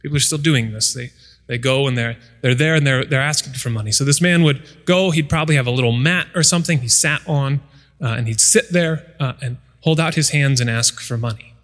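A man's voice: mid-range voice, brisk, a bit bright, long reverb tail. A man preaching a sermon, retelling scripture stories and acting out the people in them. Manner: storytelling, acts out voices of the people in the story. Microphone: microphone.

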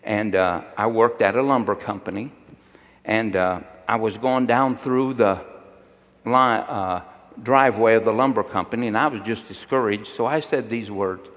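A man's voice: on the low side, moderate pace, a bit bright. Older preacher man in a reverberant hall. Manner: folksy, humorous, call-and-response with congregation. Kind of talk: sermon with storytelling.

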